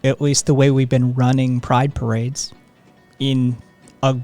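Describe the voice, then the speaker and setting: A live stream host chatting casually and reading viewer comments in a soft, sedated way, with frequent ums and laughs. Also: medium pitch, level tone, a little slow, faint music behind.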